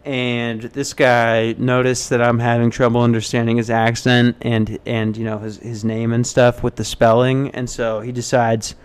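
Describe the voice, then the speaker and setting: A young man from the United States talks his way through stories on his own casual podcast. He rambles and pokes fun at himself, and now and then slips into high mock voices. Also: little pitch movement, normal speed, hardly any pauses, smooth. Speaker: podcast host. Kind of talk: solo casual podcast storytelling. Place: hotel front desk.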